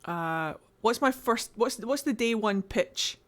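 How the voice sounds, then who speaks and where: A woman with a Scottish accent streaming a game from home, chatting casually with viewers, excitable and swearing freely. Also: a little high, slow. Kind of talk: casual livestream chat while playing.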